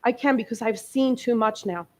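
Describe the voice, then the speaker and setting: A woman's voice: a little high, normal speed, darkish tone. A woman in her early forties giving a candid, emotional personal testimony as a guest speaker in a church. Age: 40s. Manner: candid, conversational, emotional storytelling. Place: church sanctuary.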